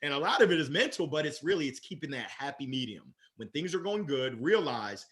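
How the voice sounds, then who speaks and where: A man talking as a guest in a casual interview, lively and playful, laughing often. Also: on the high side, brisk. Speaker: sales leader guest.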